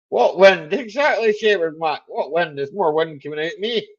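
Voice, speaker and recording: A man's voice: on the high side, muffled recording. A man hosting a casual live chat stream, jokey and rambling, chuckling often.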